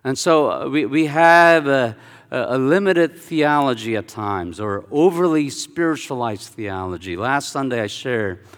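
A male pastor preaching a sermon, telling a personal story with animated swings between hushed and loud delivery. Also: medium pitch, unhurried, clear, resonant tone, long reverb tail.

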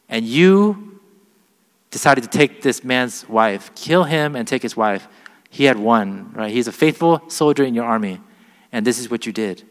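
During a sermon, a man reads scripture aloud with gravity, then explains it in plain, earnest language. His medium-pitched voice is animated but unhurried, and a long hall reverb colors the recording.

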